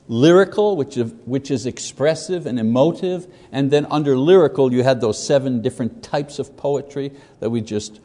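A man teaching a class on poetry, unhurried, with many fillers and joking asides. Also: on the high side, a little mellow, big-room sound. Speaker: Bible teacher. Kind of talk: classroom lecture.

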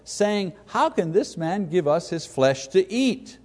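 A man's voice: sits high, big pitch swings, slow, hardly any pauses, a little mellow. A man giving a Bible teaching sermon, emphatic and conversational, putting questions to his listeners. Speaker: preacher. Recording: long hall reverb.

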